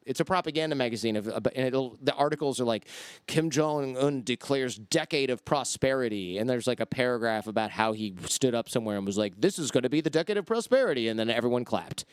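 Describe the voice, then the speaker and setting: Smooth-voiced man telling animated stories. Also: medium pitch, quick pace, dry recording, studio quality. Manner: animated anecdotes with quoted voices. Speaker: podcast guest. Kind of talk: casual storytelling.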